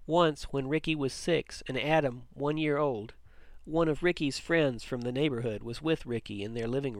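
A man narrating a story with a measured, even reading. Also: medium pitch, no room sound.

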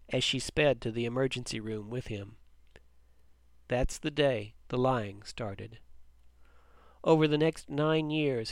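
A man narrating a story with a measured, even reading. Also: mid-range voice, vocal fry, no echo.

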